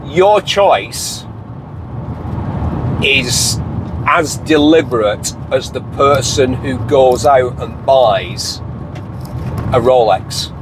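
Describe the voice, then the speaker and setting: An English man hosting a car review, chatting animatedly from inside a car and slipping into put-on voices as he tells stories. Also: mid-range voice. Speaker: car show host. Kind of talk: casual car review chat. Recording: faint road noise in car.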